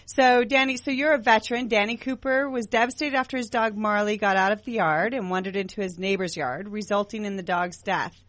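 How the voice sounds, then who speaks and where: A woman hosting a call-in talk radio show, speaking gently, with many halting restarts. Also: mid-range voice, dry recording. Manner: gentle, repetitive, halting phrasing.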